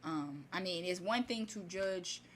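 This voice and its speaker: A woman retelling a fairy tale in her own casual words, chatty and animated, with many fillers and asides. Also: fairly low pitch, measured pace, a little hiss or hum. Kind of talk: casual spoken retelling of a story.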